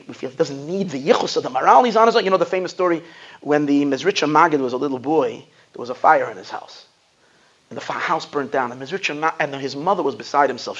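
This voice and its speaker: A man, a rabbi, giving an emphatic Torah talk to an audience, swinging from loud to hushed. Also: fairly high pitch, breathy edge. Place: school hall. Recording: dull lo-fi sound.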